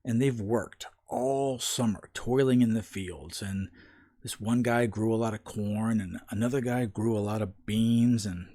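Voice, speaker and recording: A man's voice: on the low side, measured pace, dark tone. A man giving opinion commentary, telling a parable in a folksy, emphatic storytelling manner.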